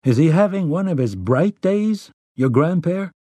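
A man voicing a thoughtful young traveling man with a quiet, wry delivery. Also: a little high, expressive, a little slow, no echo, pitched above the performer's own voice.

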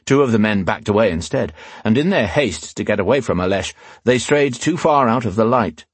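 Male audiobook narrator, deep-ish and husky, dramatic fantasy reading. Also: lively intonation, dry recording. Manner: measured, dramatic storytelling.

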